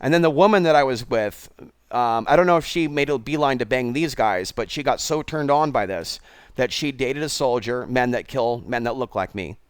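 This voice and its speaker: A man's voice: medium pitch, moderate pace, clear, resonant tone, no room sound. A man hosting his own channel, talking bluntly and digressively straight to his viewers. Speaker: channel host. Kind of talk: rambling commentary.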